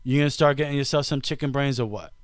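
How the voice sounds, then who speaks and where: A man's voice: medium pitch, quick pace, dry recording, studio quality. A man hosting a casual comedy podcast, teasing his co-host and stringing out a story to build up the punchline.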